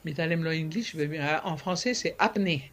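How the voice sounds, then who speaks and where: High-voiced man. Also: a bit bright, a little hiss or hum. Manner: halting, repeats words, slips into French. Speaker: interviewee. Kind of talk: conversational explaining.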